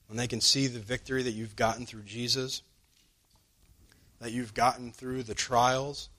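A man preaching a sermon in a conversational way. He slows down to stress key lines and jumps up in pitch when he acts out what other people say. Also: fairly bright tone.

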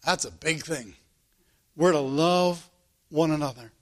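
A man's voice: fairly high pitch, unhurried, long pauses. A man preaching a sermon and leading a closing prayer, with a fervent, repetitive preaching cadence. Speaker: pastor.

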